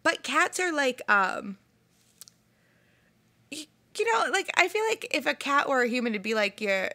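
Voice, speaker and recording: A woman's voice: high-pitched, sing-song, measured pace, pushed and bright. A woman co-hosting a podcast, chatting casually and playfully, mimicking voices as she jokes. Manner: playful, mimics cat voices with big swoops. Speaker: podcast co-host. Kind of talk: casual chat.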